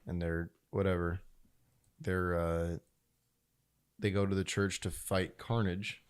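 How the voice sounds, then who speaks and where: A young man with a slightly low voice chats on a podcast about movies he likes. He sounds animated and loose, swearing casually and leaning on a lot of fillers as he talks. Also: slow pace, clean tone. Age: young adult. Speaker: podcast co-host. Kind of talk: casual chat.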